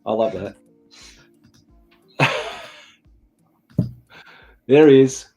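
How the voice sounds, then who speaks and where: A man's voice: mid-range voice, very slow, dark tone, soft background music. A man with an Australian accent hosting a casual chat, jokey and laughing often. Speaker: podcast host.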